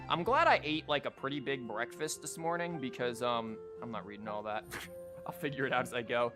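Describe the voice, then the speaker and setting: A man's voice: mid-range voice, fairly quick, music in the background. A male streamer chatting casually on a livestream, rambling and stammering as he plays a card game and talks to chat.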